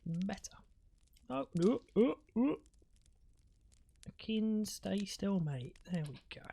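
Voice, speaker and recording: A woman's voice: medium pitch, animated, takes it slowly, creaky, dark tone, slightly rough. A woman casting a live strategy game match in a loose, rambling way, swearing freely and laughing at her own jokes. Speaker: esports caster. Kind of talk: casual live game commentary.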